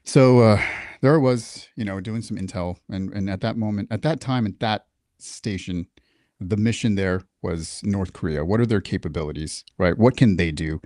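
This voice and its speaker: Low-voiced, profane man telling war stories. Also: normal speed, no room sound, clean studio sound. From Texas. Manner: profane, candid, animated storyteller with frequent restarts. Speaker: podcast guest, military veteran. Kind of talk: casual storytelling interview.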